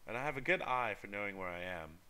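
A man's voice: fairly low pitch, expressive, quick pace, bright, forceful tone, clean tone. A man hosting a let's play, reading a text adventure game aloud and commenting casually with frequent ums. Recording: faint music underneath.

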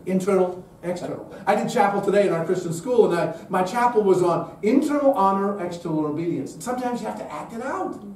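A man lectures emphatically to a gathered audience and drives his points home with rhetorical questions. His voice sits high for a man but has a mellow, dark tone. He is picked up from a distance in a very echoey room. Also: expressive, fast talker, hardly any pauses, slight background noise. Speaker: speaker at a public event. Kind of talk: lecture-style talk.

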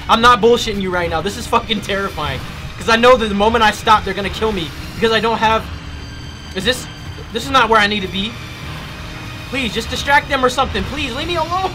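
A man playing a video game and commenting live, excitable and loud, trash-talking enemies and swearing when scared. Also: very high-pitched, brisk, over music. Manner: trash-talks enemies in a playful street tone. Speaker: gaming YouTuber. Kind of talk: let's play commentary.

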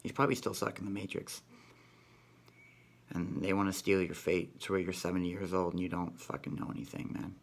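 A man's voice: sits low, little pitch movement, a little fast, gravelly. A man vlogging in a rambling, profane monologue, ending nearly every sentence with "man". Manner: rambling, repeats "man" constantly; profane, conspiratorial.

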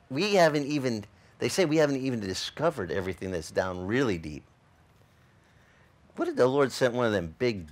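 A male pastor preaching a sermon in a casual, joking way, full of rhetorical questions to the congregation. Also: on the low side.

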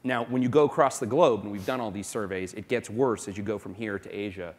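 Emphatic panelist from South Florida. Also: male voice, lowish voice, husky. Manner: emphatic, quick and assertive. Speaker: panelist, company executive. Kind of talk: conference panel discussion. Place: conference hall. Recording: long reverb of a conference hall.

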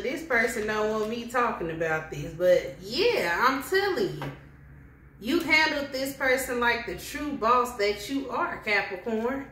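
Slow-talking, bright-voiced woman reading tarot. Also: a little high. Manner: blunt, slangy, animated, laughs often. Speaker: tarot reader. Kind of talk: casual tarot reading to viewers. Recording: echoey room with faint noise.

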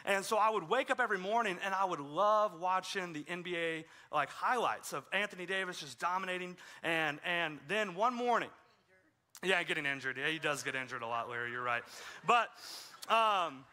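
Bright, high-voiced young-sounding male pastor. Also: expressive, normal speed. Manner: casual storytelling with self-deprecating humor. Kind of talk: conversational sermon. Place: church sanctuary.

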